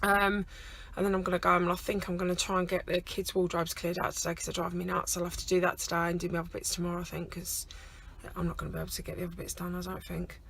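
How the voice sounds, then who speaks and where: A woman's voice: fairly low pitch, completely flat delivery, fast, creaky, a bit bright, slight background noise. A British woman in her thirties chatting casually to camera in a family vlog, rambling with lots of ums. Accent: British English. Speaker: mum vlogger. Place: at home and out at the shops.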